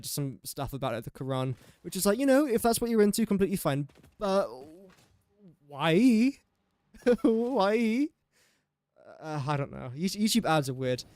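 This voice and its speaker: In casual livestream chat over a building game, a young English-accented man speaks in a slightly high, darkish, clean-toned voice. He rambles, makes fun of himself, and often laughs at his own slips. No echo on the audio.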